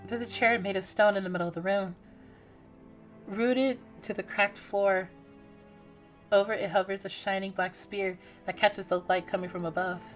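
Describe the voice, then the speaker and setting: A woman streamer reading a game's story aloud, animated and breaking off with startled exclamations. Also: mid-range voice, moderate pace, faint music behind.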